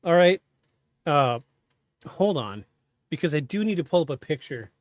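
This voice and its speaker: A man hosting a podcast, telling a personal story in a halting, candid, self-interrupting way. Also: fairly high pitch, expressive, no echo. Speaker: podcast host. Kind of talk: casual storytelling.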